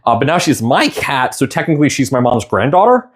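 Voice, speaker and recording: A man's voice: mid-range voice, big pitch swings, a little fast, slightly rough. A young man chatting casually on a live stream, rambling and tender, stopping to apologize now and then. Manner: rambling, tender, stops to apologize while tearing up.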